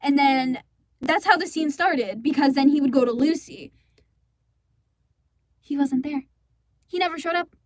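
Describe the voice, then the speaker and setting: Young woman with a high voice rambling thru a storytime, acts out quotes. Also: unhurried, pauses often, no echo. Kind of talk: casual storytime narration.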